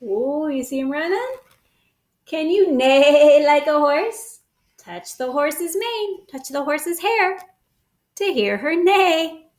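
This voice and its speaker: A woman hosting storytime, reading a picture book aloud to children in an animated, coaxing way with gasps and exclamations. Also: sits high, slow pace, echoey room. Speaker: storytime host.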